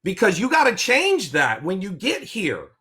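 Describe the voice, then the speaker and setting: Middle-aged man, veterans' claims coach, bright and slightly high voice, emotional, rambling, keeps restarting his sentences. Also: huge pitch swings, normal speed. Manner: emotional, rambling, self-interrupting. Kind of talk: motivational vlog talk.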